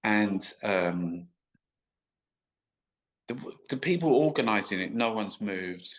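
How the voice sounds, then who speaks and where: A man with a low-pitched voice, talking as a guest in a casual interview. He spins long, rambling stories, full of swearing and restarts. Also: expressive, slow, rough recording. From England. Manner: rambling, sweary, stop-start anecdotes. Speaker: guest artist.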